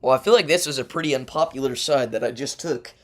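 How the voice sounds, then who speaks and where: A man's voice: medium pitch, fast talker, a bit bright. A young man hosting a livestream, talking loosely with his chat and arguing his opinions with plenty of fillers. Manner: loose and chatty, many fillers, argues weather takes. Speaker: livestream host. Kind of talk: casual livestream chat with viewers.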